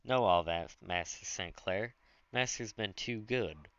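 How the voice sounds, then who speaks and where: A man's voice: fairly low pitch, slow pace, fairly bright tone, no echo. A man reading an earnest, devoted servant. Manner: earnest and pleading. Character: earnest, devoted male servant, gentle and faithful. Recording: dull lo-fi dry recording.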